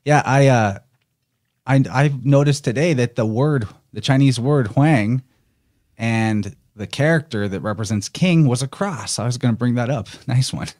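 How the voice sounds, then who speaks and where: A man's voice: mid-range voice, moderate pace, darkish tone, dry recording, studio quality. A man talking as a podcast guest, chatty and musing, laughing easily. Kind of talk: casual conversation.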